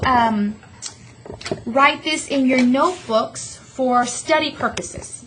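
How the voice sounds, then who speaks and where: A woman teaching a Spanish vocabulary lesson to students, slowing down to say each word clearly and repeating it for them to echo. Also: high voice, fairly bright tone, slight background noise. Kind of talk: classroom lesson.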